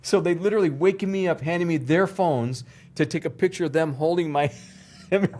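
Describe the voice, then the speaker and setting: An older man, a television producer, telling an animated story in an interview, acting out voices and laughing as he goes. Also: fairly high pitch, fairly quick. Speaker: TV producer, podcast guest.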